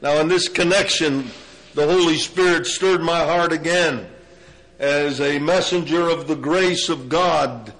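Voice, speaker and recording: An older man preaching a sermon, telling a personal story with animated delivery that drops low for emphasis. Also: measured pace, poor audio.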